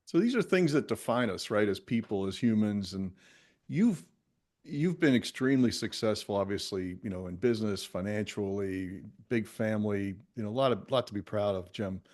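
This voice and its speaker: A man's voice: on the low side, expressive, moderate pace, a little mellow. A man hosting a podcast interview, asking encouraging, probing questions. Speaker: podcast host.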